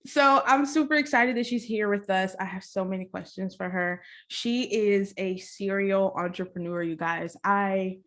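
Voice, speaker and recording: A young woman hosting a casual podcast interview, bubbly, chatty and openly nervous and excited. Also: medium pitch, moderate pace, few pauses. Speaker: podcast host.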